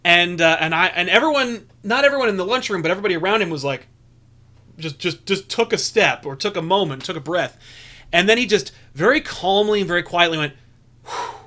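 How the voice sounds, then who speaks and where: A man's voice: high voice, animated, fairly quick, sharp tone. A young adult man co-hosting a podcast, telling a rambling story full of restarts in casual chat. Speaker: podcast co-host.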